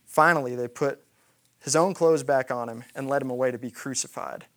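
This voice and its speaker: A man's voice: medium pitch, fairly quick, fairly bright tone. A man preaching a sermon, retelling a scripture story and acting out the quoted lines. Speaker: pastor.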